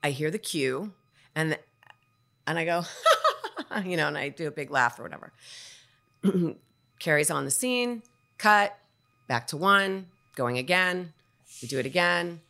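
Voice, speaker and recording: Actor guest, woman, low gravelly voice, animated candid storyteller. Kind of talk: casual podcast storytelling.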